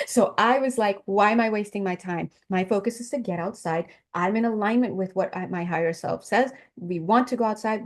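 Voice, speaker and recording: A woman giving a casual spiritual talk, chatty and laughing, often jumping into high excited exclaims. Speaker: spiritual reader.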